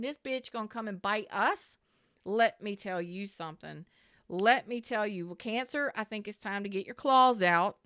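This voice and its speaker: A woman's voice: mid-range voice, fairly bright tone, smooth, no room sound, clean studio sound. A woman giving a casual tarot reading to viewers, dramatic and profane, calling them y'all. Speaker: tarot reader.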